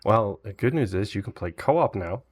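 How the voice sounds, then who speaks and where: A man's voice: lowish voice, normal speed. A man from England, co-hosting a casual gaming podcast, teasing and playful as he tells his stories. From northern England. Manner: teasing, playful, animated storytelling. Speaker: podcast co-host.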